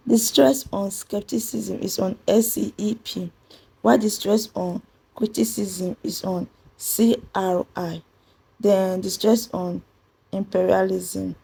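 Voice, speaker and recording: A woman teaches a pronunciation lesson, spelling out letters and repeating each rule slowly. Her voice is very husky and gravelly with a dark, mellow tone. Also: mid-range voice, low-quality recording. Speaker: English teacher.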